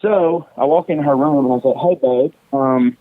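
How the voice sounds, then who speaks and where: A man's voice: a little high, moderate pace, no echo, narrow, tinny audio. A man guesting on a podcast, telling a story casually, profane and self-mocking, laughing often.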